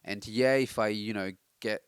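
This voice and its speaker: Low-voiced man, reflective and rambling. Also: steady tone, normal speed, clear, resonant tone, no room sound, studio quality. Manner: reflective, rambling, with many fillers and restarts. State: itchy throat, tired. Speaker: vlogger. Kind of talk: late-night personal vlog.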